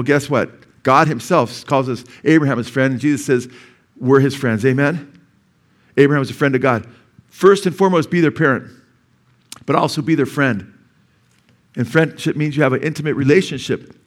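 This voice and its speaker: A man's voice: mid-range voice, moderate pace, long pauses. A middle-aged male pastor preaching a sermon in a church, talking conversationally and asking the congregation questions.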